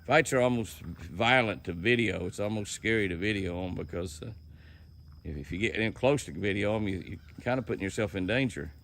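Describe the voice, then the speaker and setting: A man's voice: lowish voice, fairly quick, a bit bright. An older man with a folksy drawl, narrating a casual outdoor vlog from the woods on his ranch and talking to the animals as well as to viewers. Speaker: ranch owner and outdoor show host.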